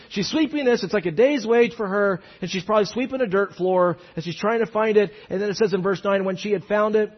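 A man preaching a sermon, reading scripture and acting out voices, moving from loud emphasis to hushed asides. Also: high voice, husky. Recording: dull lo-fi recording.

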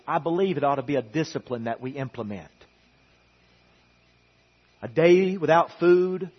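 Husky high-voiced preaching pastor. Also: male voice, highs cut off. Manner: builds from quiet asides to emphatic repeated preaching. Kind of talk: sermon. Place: church sanctuary.

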